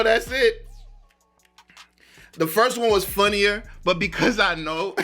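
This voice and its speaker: A man's voice: sits high, fairly bright tone. A man hosting a reaction video, talking in a laid-back, slangy way with laughing asides. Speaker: reaction channel host. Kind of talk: casual reaction commentary.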